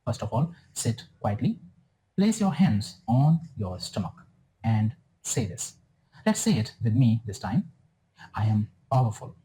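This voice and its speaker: Man, spiritual self-help narration, very mellow, soothing, instructive. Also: mid-range voice, very animated, a little slow, rough recording. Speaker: wellness guru in a clip.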